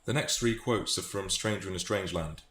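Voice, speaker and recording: British man, very deep voice, casual book talk, thoughtful with restarts, echoey room. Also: normal speed, a bit bright. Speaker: book vlogger. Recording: echoey room, faint noise.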